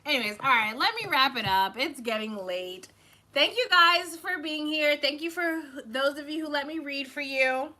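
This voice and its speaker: Woman host of a live tarot stream: very bright, keen tone, loose chatty delivery, swears freely. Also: high-pitched, lively intonation, normal speed. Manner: loose and chatty, heavy on "like", swears and laughs often. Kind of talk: casual live-stream chat.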